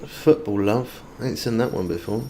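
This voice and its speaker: A man's voice: lowish voice, moderate pace, warm tone, slight background noise. A British man from the UK streaming a fishing game, chatting casually and answering viewer comments as he plays. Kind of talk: casual live-stream chat.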